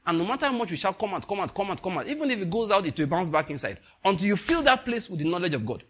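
A Nigerian man preaches with high, husky energy. He laughs often and swings between hushed asides and loud, soaring exclamations. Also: big pitch swings, very fast. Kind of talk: sermon.

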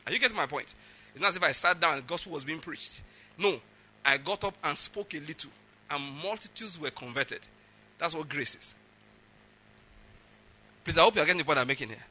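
A man's voice: a little high, animated, moderate pace, long pauses, sharp tone. A middle-aged man preaching a sermon, emphatic and often checking that his listeners follow. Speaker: pastor.

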